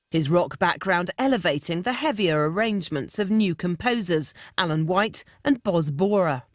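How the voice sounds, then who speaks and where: Breathy, lively female documentary narrator. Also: on the low side, dry recording, clean studio sound. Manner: measured, formal delivery. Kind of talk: scripted narration.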